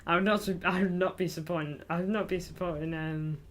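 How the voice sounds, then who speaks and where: A man's voice: high voice, fairly even intonation, fast talker, a bit bright, slight background noise. A man streaming live about football in a casual, jokey way, reading viewers' messages aloud and calling them lad, in front of a green screen indoors. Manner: chatty, jokey, reads chat aloud, calls viewers lad.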